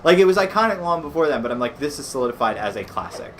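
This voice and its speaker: A man's voice: on the high side, very animated, racing, fairly bright tone, a little hiss or hum. A man hosting a let's play, chatting casually and rambling with lots of fillers and swearing. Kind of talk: casual gameplay commentary.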